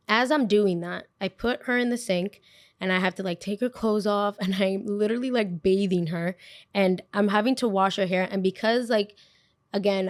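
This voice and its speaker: A young woman hosting a podcast, telling a story in a casual, animated way and repeating phrases for emphasis. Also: medium pitch, dry recording. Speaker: podcast host.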